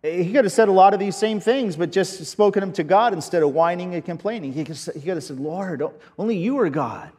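A man preaching a sermon as pastor, earnest and halting, often restarting his sentences. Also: high voice, darkish tone, big-room sound.

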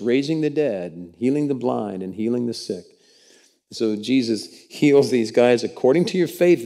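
A man preaching a sermon in church, telling stories in a folksy, conversational way with many restarts. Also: mid-range voice. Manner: animated storytelling with repeated restarts. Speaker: pastor.

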